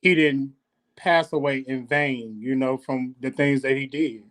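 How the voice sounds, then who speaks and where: A man's voice: medium pitch, fairly even intonation, a little slow, fairly bright tone. A man who is a guest on a casual live podcast, speaking in an earnest, encouraging way. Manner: earnest and encouraging, with churchy turns of phrase.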